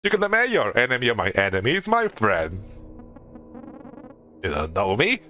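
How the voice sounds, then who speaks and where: A bragging male talk show host, put on by a man reading game dialogue springs up high and bright, his pitch bouncing with self-importance. Faint game music plays underneath. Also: wildly swooping pitch, moderate pace. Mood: boastful.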